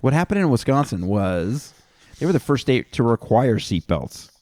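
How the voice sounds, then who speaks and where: A man's voice: medium pitch, very animated, normal speed, darkish tone, no echo, studio quality. A man from Canada co-hosting a comedy podcast, reading out facts and breaking off into crude jokes. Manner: reads facts aloud, then riffs with crude jokes. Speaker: podcast co-host presenting the research. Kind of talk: casual comedy podcast chat.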